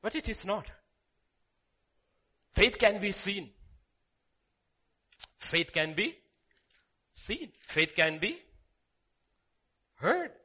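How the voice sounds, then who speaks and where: A man preaching a sermon, emphatic and repetitive, swinging from loud calls to hushed lines. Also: sits high, sing-song, extremely slow, long pauses, slightly rough.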